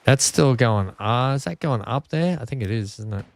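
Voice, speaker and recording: An Australian man live-streams a building game from a room at home, chatting casually with his viewers and grumbling at his own track with self-mocking frustration. His medium-pitched voice has lively intonation, a moderate pace and some vocal fry, with slight background noise behind him.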